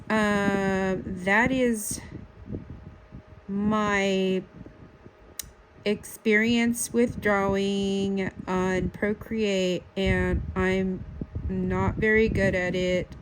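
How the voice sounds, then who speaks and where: A woman vlogging while she draws, talking in a casual, self-deprecating way, full of halting restarts and fillers. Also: medium pitch. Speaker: art vlogger. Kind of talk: casual rambling commentary while drawing. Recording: audible background noise.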